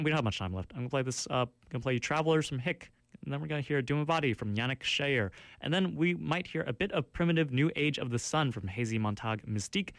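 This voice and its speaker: In a clean, medium-pitched voice captured dry on a studio mic, a man hosts a casual campus radio show. He rambles through track notes with plenty of fillers and restarts, poking fun at himself.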